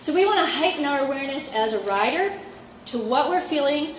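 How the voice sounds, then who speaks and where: A middle-aged woman coach teaching a live seminar at a horse expo, chatty and lively, acting out her inner thoughts. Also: high voice, a little fast, a little hiss or hum. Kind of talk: live talk to an audience. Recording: roomy echo, faint ambience.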